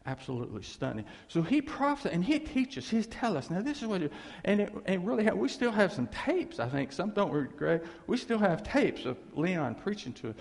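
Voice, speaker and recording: Recorded with the long reverb of a church hall, a middle-aged pastor gives a storytelling sermon in the sanctuary, full of rambling, folksy anecdotes and laughing asides. He speaks at a moderate pace in a high, creaky voice with big pitch swings.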